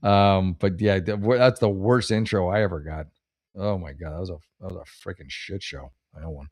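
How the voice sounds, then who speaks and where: A middle-aged man with a fairly low voice spins a loose, rambling comedy story. He swears freely and pokes fun at himself as he goes. His tone stays casual and chatty. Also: moderate pace, darkish tone. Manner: rambling, profane, self-mocking. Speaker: comedian hosting a podcast.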